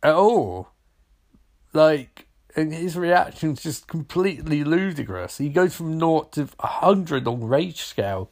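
A man's voice: a little high, lively intonation, slow pace, a little mellow. A man casually recapping a film in a rambling, wry and sarcastic way, swearing now and then. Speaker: film reviewer.

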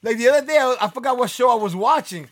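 High-voiced fast-talking podcast guy. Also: lively intonation, fairly bright tone, dry recording, clean studio sound. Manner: quick, laughs often. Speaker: podcast co-host. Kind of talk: casual profane chat.

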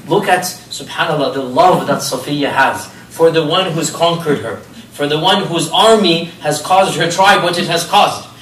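A man's voice: a little high, a bit bright, slight background noise. A man teaching religious history as a story, asking rhetorical questions and using Arabic phrases. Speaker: Islamic history lecturer. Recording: roomy, distant mic, faint ambience.

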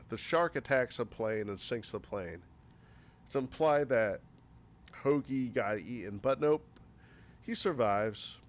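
A man at an ordinary mid pitch picks apart a movie in a loose, rambling way. He talks casually and sarcastically, dropping swear words freely as he lists complaints. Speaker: movie reviewer. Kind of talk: casual spoken movie critique.

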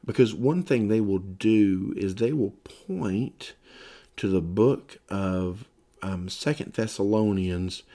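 A slow, mellow man with a fairly low voice leads a sermon-style Bible lesson, clearly tired and yawning. Scripture is read aloud with growing emphasis, followed by loose explanations packed with fillers.

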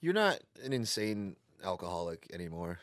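A man's voice: deep voice, big pitch swings, normal speed, no echo. A man co-hosting a podcast in casual chat, making dry, understated remarks and telling a short story. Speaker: podcast co-host.

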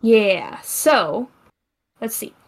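A woman's voice: a little high, animated, very slow. A woman co-hosting a podcast, chatting in an easygoing, rambling way. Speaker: podcast co-host. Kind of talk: casual chat and story reading.

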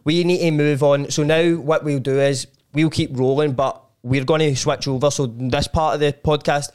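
A Scottish man hosting a casual podcast interview, chatty and prompting his guest with quick ayes and mm-hmms. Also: a little high, steady tone, smooth. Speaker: podcast host.

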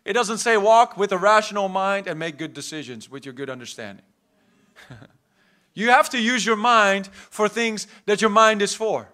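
A man preaching a charismatic sermon as pastor in a church hall, fervent, swinging between loud exhortation and quiet asides. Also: high-pitched, animated, normal speed. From South Africa.

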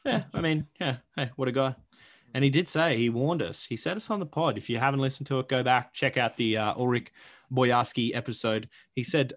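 A man's voice: medium pitch, normal speed. A young man co-hosting a sports podcast, chatting casually and reeling off stats with plenty of fillers and jokes. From Australia. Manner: animated, joking, rattles off stats with lots of fillers. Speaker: podcast co-host.

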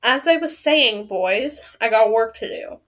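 A woman reading aloud and voicing a stubborn male school janitor in a flat, dismissive way. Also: fairly high pitch, a little slow. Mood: curt.

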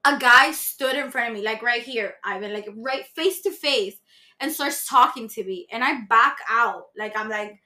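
A young woman with a high, bright voice talks as a podcast guest. She is blunt and animated, and she swears freely as she tells her stories. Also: normal speed. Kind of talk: casual podcast chat.

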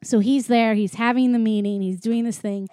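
A chatty woman with a fairly high voice recaps a film in loose, rambling talk. The sound is dry and close, with no room around her. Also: fairly even intonation, normal speed, dark tone, dry recording. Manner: chatty, lots of filler and quoted voices. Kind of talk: casual chat, retelling a film plot.

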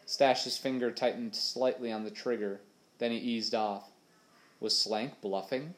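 A man reading a children's adventure novel aloud with steady, expressive storytelling. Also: medium pitch, unhurried. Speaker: audiobook narrator. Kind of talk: storybook narration.

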